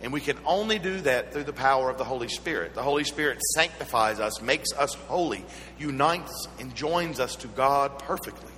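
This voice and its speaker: A man with a Southern American accent preaching a sermon, mixing earnest teaching with personal stories and gentle humor. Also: mid-range voice, animated, moderate pace, hardly any pauses. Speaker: pastor. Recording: echoey hall with faint hum.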